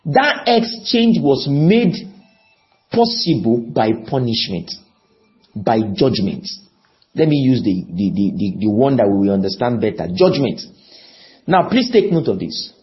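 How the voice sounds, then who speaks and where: Preacher guy, slow and pleading, big swoopy pitch, kinda muffled sound. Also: big pitch swings. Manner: pleading, rises on key words then drops low; repeats and asks the audience questions. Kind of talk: sermon.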